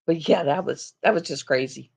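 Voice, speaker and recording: Middle-aged woman hosting a casual livestream. Rambling storyteller who laughs often, with a low, gravelly voice. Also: moderate pace, a little mellow. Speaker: livestream host.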